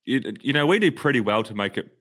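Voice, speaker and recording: A man's voice: medium pitch, very animated, fast talker, fairly bright tone. A man co-hosting a casual podcast, talking in a rambling way with frequent restarts. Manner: rambling, with restarts and trailing thoughts. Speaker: podcast co-host. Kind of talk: casual chat.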